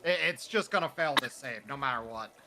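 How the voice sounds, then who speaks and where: A man narrating a tabletop role-playing game as dungeon master, chatty and animated with many fillers. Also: mid-range voice, brisk, noisy background.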